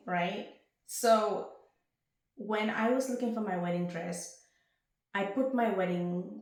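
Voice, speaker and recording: Chatty young woman in an echoey room. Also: medium pitch. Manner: chatty and rambling, with bursts of excitement. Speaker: vlogger. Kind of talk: casual chat to camera.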